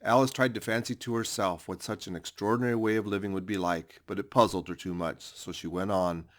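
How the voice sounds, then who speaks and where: Low-voiced man reading a storybook. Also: fairly even intonation, a little fast, few pauses. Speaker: audiobook narrator. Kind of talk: storybook narration.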